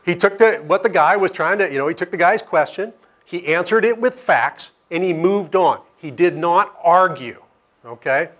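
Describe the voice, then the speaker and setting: A middle-aged climate scientist from Seattle gives a relaxed career lecture with slides in a lecture room with an audience. His speaking pitch is slightly raised, and he tells stories, cracks self-deprecating jokes and keeps asking a quick "okay?".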